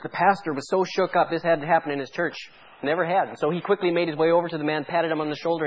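A pastor preaching a sermon with fervent, pleading intensity, firing off rhetorical questions at the congregation. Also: male voice, on the high side, steady tone, fast, muffled recording.

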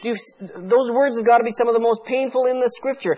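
High-voiced man preaching fervently. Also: fairly even intonation, fast talker, hardly any pauses, a little mellow, lo-fi sound. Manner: fervent, pleading preaching with many rhetorical questions. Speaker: pastor. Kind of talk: sermon.

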